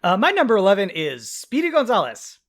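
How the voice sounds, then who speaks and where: A man on a comedy podcast panel who jokes in a deadpan, hesitant way with lots of fillers. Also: sits high, fairly quick. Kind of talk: casual comedic panel chat.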